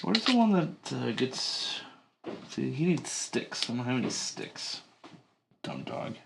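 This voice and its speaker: A man's voice: medium pitch, sing-song, unhurried, creaky, noisy background. A man co-hosting a live board game stream. He chats casually and reads the rules aloud as he plays. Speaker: co-host of a board game channel. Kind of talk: casual chat while playing a board game.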